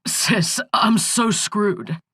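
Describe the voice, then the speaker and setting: A woman's voice: mid-range voice, animated, a little slow, fairly bright tone, dry recording, voice pushed up. A woman narrator voicing a desperate young man in jail, quavering and close to tears, in an audiobook. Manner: quavering, panicked, pleading. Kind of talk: audiobook character voice.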